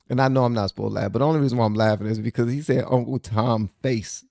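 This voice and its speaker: A man hosting a podcast, giving reaction commentary in an animated, incredulous way with frequent laughter. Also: mid-range voice, very fast, creaky, few pauses, no echo, clean studio sound. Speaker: podcast host.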